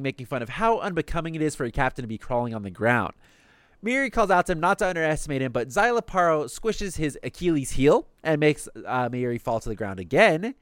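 Guy recapping an anime, lively up-and-down voice, smooth and dry. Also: on the high side, no echo. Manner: swears casually, acts out quotes in passing. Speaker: podcast host recapping an anime. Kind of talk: casual recap chat.

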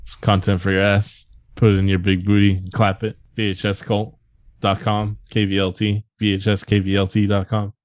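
A man's voice: fairly low pitch, monotone, normal speed, no room sound, studio quality. A man hosting a podcast in casual comedic banter, joking, swearing and laughing often. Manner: profane, jokey, laughs often. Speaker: podcast host.

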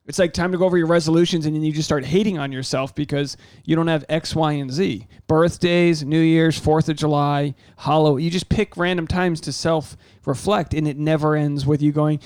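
A man in his thirties chats as a podcast co-host, swearing freely and acting out little scenes in an animated way. His voice sits a touch high. The sound is dry and close, with little room. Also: brisk, hardly any pauses, smooth, no echo. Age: 30s. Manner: animated storyteller, swears freely, acts out quotes in a higher voice. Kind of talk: casual chat. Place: home.

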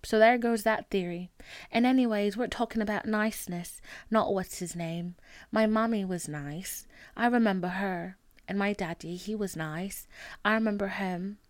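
A woman reading the lines of a blunt, lonely male Irish farmer in a flat, plain way. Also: mid-range voice, moderate pace, no room sound, close to an everyday voice. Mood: stubborn.

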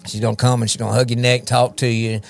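A man's voice: medium pitch, flat delivery, fast talker, creaky, soft background music. A man shares his personal testimony as a podcast guest, rambling and repeating words as he talks. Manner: rambling, repeats words, often asks "you know what I mean?". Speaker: guest, recovery ministry leader.

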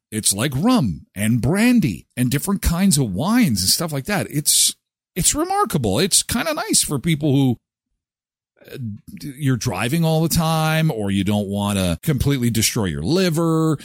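A man's voice: a little high, moderate pace, no room sound, clean studio sound. A man from Canada hosting a casual live morning show, chatting and reading sponsor spots. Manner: chatty and animated, jumps into quoted voices.

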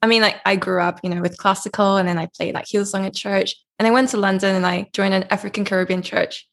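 A woman's voice: medium pitch, flat delivery, quick pace, vocal fry, a bit bright. A woman hosting an interview who responds in a reflective, conversational way.

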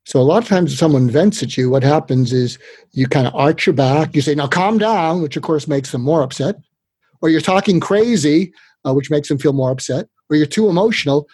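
Older man, husky, mellow, slightly high voice, dry close recording, animated advice-giving. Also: brisk, no room sound. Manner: animated, tells tips with acted-out quotes. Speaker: guest expert on communication. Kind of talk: conversational interview.

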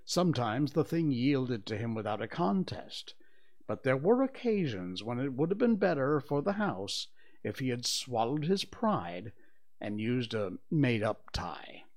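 A man narrating a classic children's story in an expressive reading voice. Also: medium pitch. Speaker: audiobook narrator.

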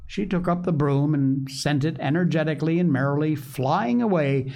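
A man reading a children's storybook aloud as narrator in an expressive, animated way. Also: fairly high pitch, normal speed, vocal fry.

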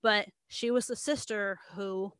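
A woman telling a story in casual chat, full of "like" and acted-out quotes from the people in it. Her voice sits at an ordinary pitch and sounds close and dry, with no room around it. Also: a little slow, clear, resonant tone, no echo. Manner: animated storytelling, quoting others, frequent "like".

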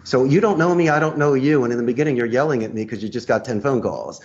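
A man being interviewed as a guest, talking in a lively, theatrical way, laughing often as he acts out sales calls. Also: mid-range voice, fairly quick. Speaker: guest, customer service trainer. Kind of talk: animated interview talk acting out sales calls. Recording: muffled lo-fi audio.

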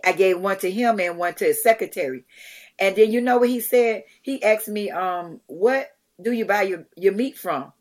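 A middle-aged woman, an interview guest telling stories in a lively way, acting out the lines of people she quotes. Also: mid-range voice, normal speed. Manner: animated, acts out quotes, many restarts. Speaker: guest, charity founder. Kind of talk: conversational storytelling.

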